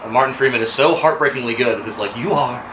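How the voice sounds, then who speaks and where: Fast-talking man in an echoey room. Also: medium pitch. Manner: fast, animated retelling with quoted lines and laughs. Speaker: vlog host reviewing a TV episode. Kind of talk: casual chat. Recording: echoey room with faint noise.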